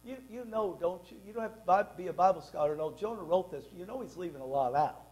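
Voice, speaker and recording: A pastor delivers a sermon in a church sanctuary, his male voice sitting unusually high. He preaches with emphasis, reads scripture aloud and throws questions out to the congregation. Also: lively intonation, fast, a little mellow, poor audio.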